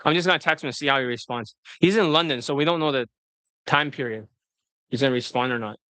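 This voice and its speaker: A man's voice: medium pitch, quick pace, bright, forceful tone, no echo. A man working as a dating coach, giving a blunt, profane, rambling video lecture off the cuff.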